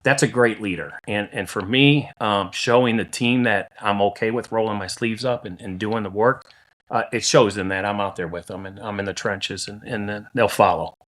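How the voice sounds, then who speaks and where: Low-ish guy, company owner on a podcast, plain steady talk, lots of restarts. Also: moderate pace. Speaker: lawn care company owner, guest. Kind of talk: casual podcast conversation.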